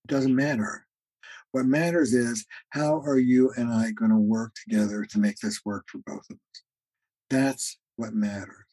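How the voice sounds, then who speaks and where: Husky-voiced man teaching in a mellow tone. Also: medium pitch, fairly even intonation, unhurried, no room sound, poor audio. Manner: earnest, teaching tone, acts out quoted arguments, frequent "uh" fillers. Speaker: guest therapist and author. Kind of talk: podcast interview, explaining ideas.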